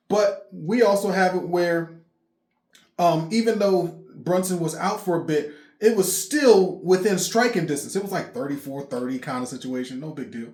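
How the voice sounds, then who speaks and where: A man, excitedly recapping a basketball game for his fan vlog, emphatic and repeating himself. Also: high voice, normal speed, roomy sound. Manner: animated, emphatic, repeats himself, laughs often. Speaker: sports fan vlogger.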